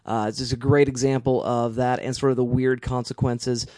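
A man's voice: medium pitch, flat delivery, moderate pace, darkish tone, no room sound, clean studio sound. A man chatting casually as a podcast co-host, talking enthusiastically in long rambling runs full of restarts. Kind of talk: casual chat.

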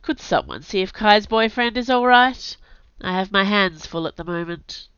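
A woman with a cold voicing a stern, poised older witch who speaks in a brisk, businesslike way. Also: mid-range voice, expressive, a bit bright, smooth, dry recording, voice pushed up. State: has a cold. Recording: dull, dry audio.

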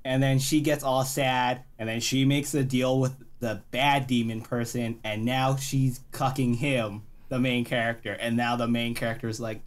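A young man co-hosting a podcast in casual chat, ranting in an animated, profane way with loud exasperated outbursts. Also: mid-range voice, moderate pace. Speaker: podcast co-host.

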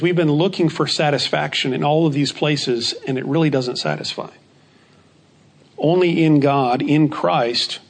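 A man teaching a Bible study lesson in a measured way, repeating key phrases for emphasis. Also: fairly high pitch.

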